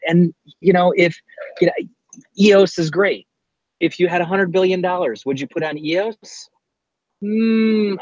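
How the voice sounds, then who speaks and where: A man's voice: fairly high pitch, dry recording. A man calling in to a talk show, rambling with hesitant restarts and wry laughs. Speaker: caller. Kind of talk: casual call-in discussion over Skype. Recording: muffled internet call audio.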